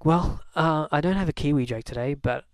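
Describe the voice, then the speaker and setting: A man's voice: fairly high pitch, brisk, clear, resonant tone, no echo. Chatty male vlogger, dry sound. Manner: relaxed, chatty, lots of fillers. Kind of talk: casual chat to camera.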